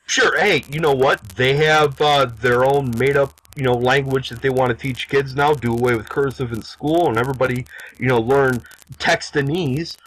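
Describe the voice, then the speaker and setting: A man co-hosting a political talk show, joking sarcastically with halting restarts. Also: medium pitch, fairly bright tone, poor audio. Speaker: podcast co-host. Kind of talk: casual political banter.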